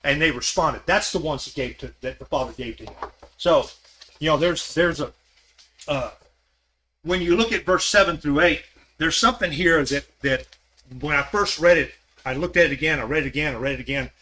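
An older man leads a Sunday Bible class in a casual, conversational way. His voice sits high and bright, and he keeps turning to his listeners with questions. He slips into the speakers' voices whenever he quotes scripture. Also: moderate pace, pauses often. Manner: acts out scripture quotes with shifting voice.

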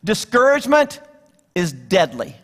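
High-voiced man preaching in a reverberant hall. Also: very animated, measured pace, a bit bright. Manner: storytelling with jokes, acting out characters. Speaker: guest preacher. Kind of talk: sermon. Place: church.

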